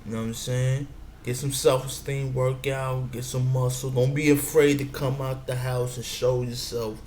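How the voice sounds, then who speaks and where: A man's voice: medium pitch, flat delivery, normal speed, darkish tone. A man giving advice in a meandering casual monologue, often saying "you know what I'm saying". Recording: echoey room with faint background noise.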